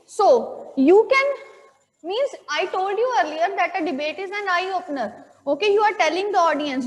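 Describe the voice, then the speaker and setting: Indian english teacher lady, high voice, lots of "okay?", echoey classroom. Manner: explains step by step, repeats key points, checks with "okay?". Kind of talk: classroom lecture.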